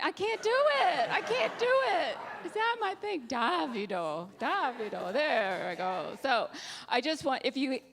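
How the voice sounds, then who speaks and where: Slow-talking, chatty woman minister. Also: medium pitch. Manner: chatty, laughs easily. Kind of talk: casual church announcements. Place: church sanctuary.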